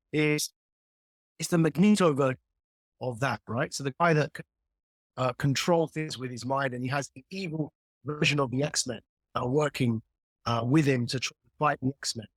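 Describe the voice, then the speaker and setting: Appearing as a guest commentator on a video call, a man explains things with animation, driving his points home through analogies and repetition. His mid-range voice moves at normal speed, recorded with studio quality and no room sound.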